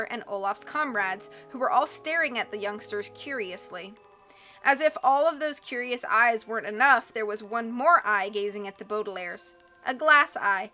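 A woman narrating an audiobook with expressive storytelling. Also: a little high. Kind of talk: audiobook reading.

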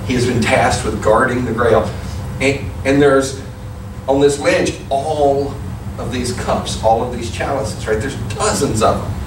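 A man preaching a sermon as pastor, telling a story in a relaxed, conversational way and putting questions to his congregation. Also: mid-range voice, noisy background. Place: church sanctuary. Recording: echoey hall, distant mic, room ambience.

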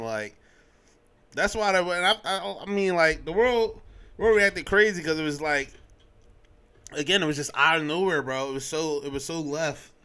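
Animated young man ranting on a podcast. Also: a little high, clear, resonant tone. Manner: animated, many restarts and slang. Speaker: podcast host. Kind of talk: casual sports opinion chat.

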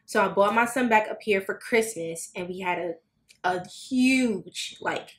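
Casual podcast co-host, woman, lively storyteller who jumps high when quoting people. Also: measured pace. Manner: animated, swearing, acts out quotes with big jumps in pitch.

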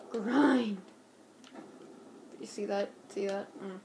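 A woman's voice: medium pitch, a little slow. Woman, casual let's play commentary, goofy, talks to herself, noisy background. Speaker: gameplay commentator. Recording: noisy home recording.

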